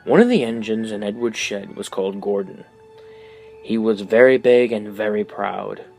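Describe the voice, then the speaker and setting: A man narrating a children's storybook aloud with an expressive reading. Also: lowish voice, normal speed, creaky, faint music behind, rough recording.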